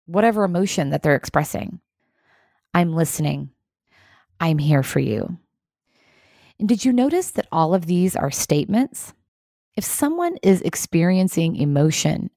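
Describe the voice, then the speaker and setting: A woman hosting a leadership video series, giving an earnest, encouraging, measured motivational talk. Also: on the low side, a little mellow, no echo, studio quality. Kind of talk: scripted motivational talk to camera.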